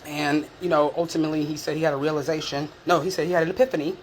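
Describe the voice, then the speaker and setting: A woman's voice: low voice, racing, a little hiss or hum. A woman from Northern California chatting candidly to her viewers, swearing freely and acting out the people in her stories. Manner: candid, profane, animated retelling with quoted voices. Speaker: vlogger. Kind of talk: casual storytelling chat.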